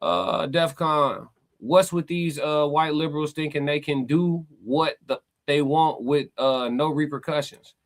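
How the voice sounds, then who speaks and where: A man hosting a casual livestream, reading chat comments aloud and pushing back in emphatic, slangy, animated talk. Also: fairly high pitch, unhurried. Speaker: podcast host reading live chat.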